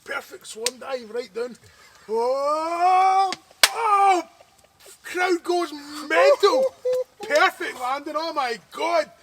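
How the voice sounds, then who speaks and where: A man telling a crude joke around an outdoor camp in a slow, drawn-out, punchline-driven way. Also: extremely high pitch, sing-song, over a noisy crowd. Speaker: camping friend. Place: outdoor woodland camp in rain.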